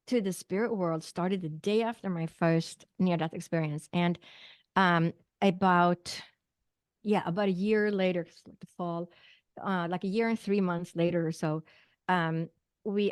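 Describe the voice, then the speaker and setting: A woman's voice: fairly low pitch, a little mellow, dry recording, studio quality. A middle-aged woman from Sweden, a podcast guest telling a personal story with lots of fillers and acted-out quoted dialogue.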